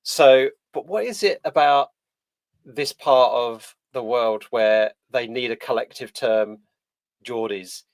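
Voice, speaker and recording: A man's voice: medium pitch, slow, no echo. A man hosting a podcast interview in a casual, rambling way with lots of fillers and restarts. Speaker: podcast host.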